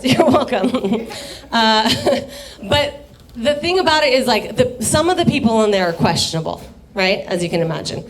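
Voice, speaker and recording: A woman's voice: fairly high pitch, normal speed. A young woman doing a rambling, profane stand-up set in a bar, often laughing at her own jokes. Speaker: stand-up comedian. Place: dive bar comedy stage.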